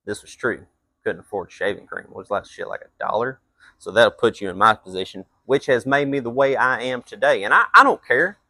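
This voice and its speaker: A man's voice: mid-range voice, expressive, a little fast, bright, forceful tone, no room sound. A man telling a blunt, profane story as a rant, his voice jumping up into heated outbursts. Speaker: vlogger.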